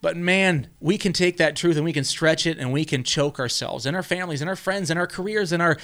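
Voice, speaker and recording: Rambling man telling a story, fairly high voice. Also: fairly quick, a bit bright. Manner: rambling storyteller, many restarts and "right?" tags. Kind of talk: casual conversational advice.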